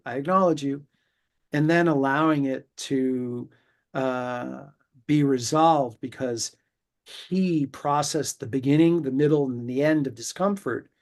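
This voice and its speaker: Slow-talking, higher-voiced man. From New York. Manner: measured and reflective, with pauses and restarts. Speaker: pediatrician. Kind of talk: conversational interview explanation.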